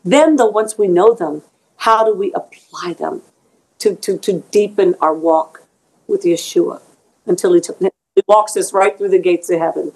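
A woman's voice: lowish voice, moderate pace, a little mellow, rough recording. A middle-aged woman being interviewed as an author, speaking earnestly and emotionally about faith, often repeating words as she goes.

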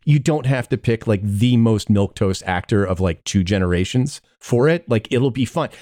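A man's voice: fairly low pitch, animated, moderate pace, mellow, no room sound, clean studio sound. A man co-hosting a podcast in casual chat, sardonic with laughing asides. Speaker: podcast co-host.

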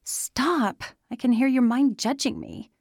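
A woman voicing a stubborn, desperate teenage girl who argues insistently and sometimes breaks into yelling. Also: medium pitch, normal speed, no echo, studio quality, lightly acted. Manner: insistent, argumentative, rising to yells.

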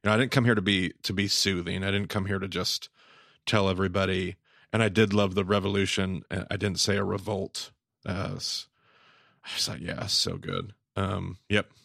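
Gravelly low-voiced man, animated chat. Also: moderate pace, no room sound, clean studio sound. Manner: animated, exclaims, quotes himself. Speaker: podcast co-host and teacher. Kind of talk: casual chat.

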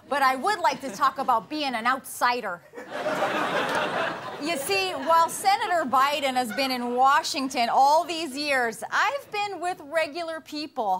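Perky small-town western politician, high and folksy, sketch show crowd laughing, noisy. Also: female voice. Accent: mock Western small-town. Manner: folksy, perky, winking delivery. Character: folksy woman politician, chirpy, sketch parody. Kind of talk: comedy sketch impression. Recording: live studio audience laughing, noisy.

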